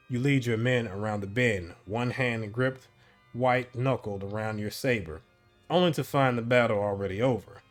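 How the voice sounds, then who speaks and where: A man reading an interactive adventure story aloud, narrating at a measured pace and often stumbling and correcting himself. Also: medium pitch. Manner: measured narration with frequent slips and self-corrections.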